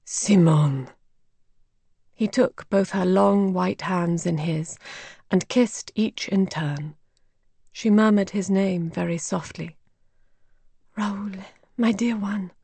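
A woman narrating an audiobook in a measured, calm way, recorded close to the mic. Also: lowish voice, gravelly, dry recording.

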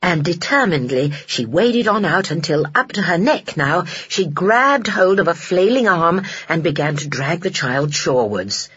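A narrator reading a children's novel aloud in a gentle, measured storytelling manner. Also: medium pitch, lively intonation, slightly rough, dry recording. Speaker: audiobook narrator. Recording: dull lo-fi dry recording.

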